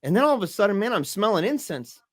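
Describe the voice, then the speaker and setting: A man's voice: high-pitched, big pitch swings, quick pace, a bit bright, no room sound, studio quality. A man telling a story as a podcast guest. He talks in a casual way and acts out the voices of the people in his story.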